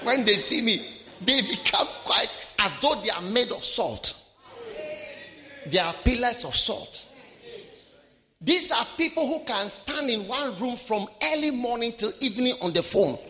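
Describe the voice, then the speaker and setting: A man preaching a sermon, swinging from shouted lines to hushed asides. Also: very high-pitched, lively intonation, measured pace, big-room sound. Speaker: pastor.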